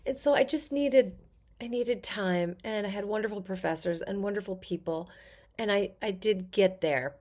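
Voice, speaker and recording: A middle-aged woman talks in a casual interview with a lively, swinging pitch. She speaks expressively and acts out the people in her stories. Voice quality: character-actor voice. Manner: animated, acts out quoted voices in her stories. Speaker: podcast guest, actor and therapist.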